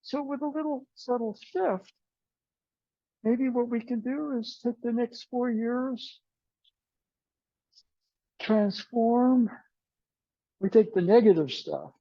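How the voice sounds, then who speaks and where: Man, aikido instructor, rambling storyteller, mellow tone, dull muffled recording. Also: very high-pitched, slow pace, creaky, long pauses, no echo. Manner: meandering storyteller who acts out dialogue. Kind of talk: informal class talk with anecdotes. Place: martial arts class.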